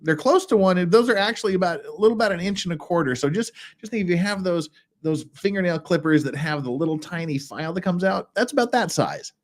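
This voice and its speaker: A man's voice: sits high, lively intonation, fast talker. A man hosting a casual live stream about legal cases, reading out documents and adding blunt, wry remarks in a rambling way. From United States. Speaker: legal commentary host. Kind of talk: casual livestream commentary.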